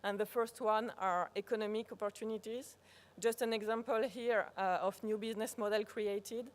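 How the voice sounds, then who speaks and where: Halting French-accented woman presenter. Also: mid-range voice, fairly even intonation. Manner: halting, searching for words, many restarts. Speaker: workshop presenter. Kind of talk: live workshop presentation. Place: conference workshop room.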